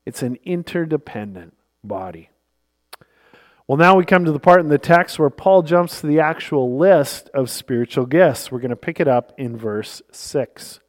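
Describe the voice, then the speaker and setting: A man's voice: fairly high pitch, expressive, normal speed. A male pastor preaching a sermon in a church, earnest and emphatic, telling stories to make his point. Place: church sanctuary. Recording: long reverb of a church hall.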